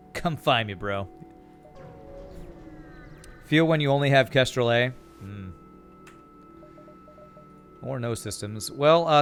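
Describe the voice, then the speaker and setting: A man casually commenting while he plays a game on a live stream and answers chat, talking in an offhand, mumbled way. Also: medium pitch. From Dallas.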